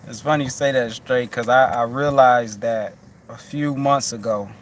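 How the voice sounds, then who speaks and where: A man's voice: mid-range voice, steady tone, moderate pace, a little hiss or hum. A man hosting a loose, casual chat, talking in a rambling, profane way with many restarts.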